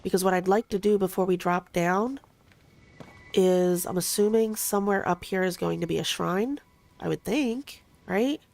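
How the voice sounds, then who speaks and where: Woman streamer, Philly-South Jersey accent, a bit low-voiced, rambling chatty gameplay talk. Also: normal speed, creaky. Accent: Philadelphia and South Jersey. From Philadelphia, then southern New Jersey. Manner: chatty, thinks out loud, rambling asides. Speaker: streamer playing a video game. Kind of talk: casual gameplay commentary.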